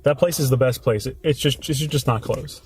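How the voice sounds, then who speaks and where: Quick-talking young man hosting a podcast. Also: mid-range voice, a little mellow, a little hiss or hum. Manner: quick, joking, teasing. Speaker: podcast host. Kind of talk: casual chat. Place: parked car.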